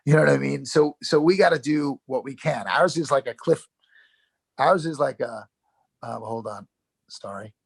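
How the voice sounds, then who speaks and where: A middle-aged actor with a New York accent, telling stories in a casual interview, animated, with frequent swearing and restarts. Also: male voice, medium pitch, moderate pace, gravelly, husky, dry recording. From Yonkers, New York. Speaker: actor guest.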